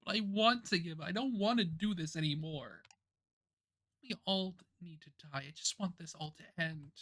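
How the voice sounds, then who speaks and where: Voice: medium pitch, moderate pace, a bit bright, pitched above the performer's own voice, natural voice. A game streamer voicing a young woman in despair from endless time loops, pleading and desperate. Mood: hopeless. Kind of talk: reading a visual novel aloud.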